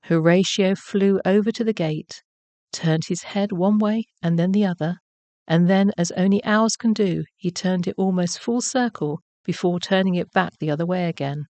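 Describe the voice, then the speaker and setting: A woman narrating a children's bedtime story in a gentle, measured way. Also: on the low side, dry recording.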